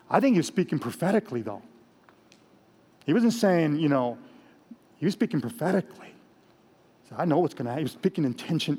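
Man preaching, kinda high voice, acts out the story, big echoey hall. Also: breathy edge. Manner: animated, acts out characters with rising shouts. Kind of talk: sermon, scripture reading and commentary.

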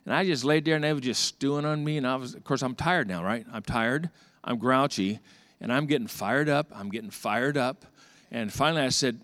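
A middle-aged pastor preaches a sermon, telling stories and acting out the dialogue in a lively way. His mid-range voice is fairly quick, recorded at studio quality with no room sound.

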